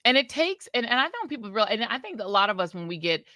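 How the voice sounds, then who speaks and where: A woman in her forties co-hosting a podcast, chatting casually in an animated, emphatic, colloquial way while tired and grumpy. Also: fairly high pitch, fast talker, no room sound, studio quality. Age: 40s. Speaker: podcast co-host. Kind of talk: casual chat.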